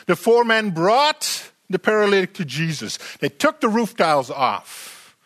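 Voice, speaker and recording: Animated male preacher with a lively, sweeping voice. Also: high-pitched, a little slow. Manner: animated, asks the congregation rhetorical questions; frequent repeated words and restarts. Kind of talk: sermon.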